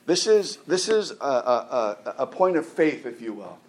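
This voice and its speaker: A middle-aged man preaching in a loose, conversational way, with a voice of ordinary middle pitch. He tosses "right?" at his listeners and stumbles over repeated words. He leaps up high to stress a point. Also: measured pace. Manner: keeps asking "right?", restarts and repeats words; animated, jumps up in pitch for emphasis. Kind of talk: conversational sermon.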